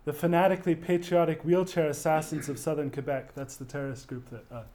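A man lectures on a novel in a measured, thoughtful way, stopping to restart phrases and reading passages aloud. His voice sits a little high for a man but sounds soft and mellow rather than bright. He talks like a teacher explaining ideas to a class. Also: fairly even intonation, slight background noise. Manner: thoughtful, with fillers and restarts between quoted passages.

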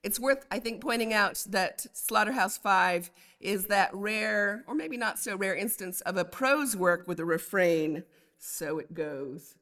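Woman giving a poetry lecture, mid pitch, thoughtful, lots of ums, echoey lecture hall. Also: fairly bright tone. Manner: thoughtful, unhurried, with frequent ums. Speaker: literature lecturer.

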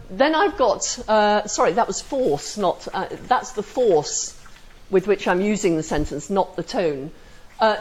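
A woman's voice: on the high side, rough recording. A woman lecturing a class, constantly checking that students follow and acting out example sentences with dry humor. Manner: questioning, asks the class for agreement.

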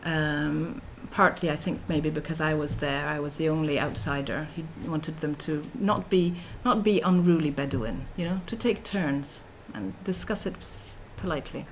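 A middle-aged woman delivers an academic lecture in a somewhat low voice, thinking aloud with many fillers and restarts. A faint noise sits behind her voice. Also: normal speed, hardly any pauses. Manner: thoughtful, with frequent fillers and restarts. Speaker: researcher giving a talk.

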